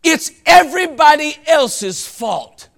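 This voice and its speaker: A male pastor delivers a fervent sermon, breaking into shouts between folksy asides. His voice is unusually high, gravelly and bright, with a forceful edge. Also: big pitch swings, slow.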